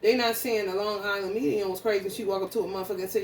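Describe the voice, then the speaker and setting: A woman's voice: medium pitch, fairly even intonation, racing, few pauses. A woman giving a casual astrology reading that turns into a blunt, heated rant full of profanity. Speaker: astrology reader. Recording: echoey room, distant mic, faint noise.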